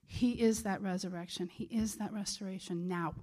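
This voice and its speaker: A woman's voice: medium pitch, steady tone, moderate pace, a little mellow. A woman preaching a sermon in an earnest, conversational way.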